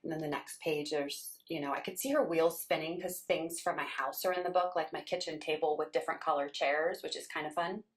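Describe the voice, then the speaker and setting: Middle-aged woman author, slightly low voice, chatty anecdotal delivery with acted-out quotes. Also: brisk, hardly any pauses. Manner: animated, acts out quoted voices. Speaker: children's book author. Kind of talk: casual storytelling.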